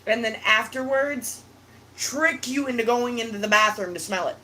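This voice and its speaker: A woman streamer with a worn, raspy voice, chatting casually and telling family stories with lots of laughter. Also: fairly high pitch, normal speed, a little hiss or hum. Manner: animated storyteller, laughs a lot. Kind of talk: casual chat.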